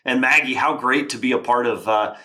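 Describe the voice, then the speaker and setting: A man's voice: mid-range voice, fairly quick, bright, forceful tone. A man hosting a podcast, enthusiastic and effusive in casual conversation, often laughing. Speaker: podcast host.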